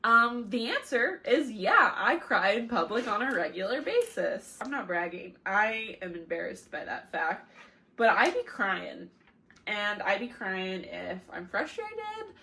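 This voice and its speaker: A woman's voice: medium pitch, big pitch swings, a little slow, gravelly, bright, forceful tone. A drunk young woman from the United States chatting casually in a vlog, rambling, swearing and laughing at herself. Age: young adult. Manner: rambling, laughing, crude and self-mocking. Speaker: vlogger.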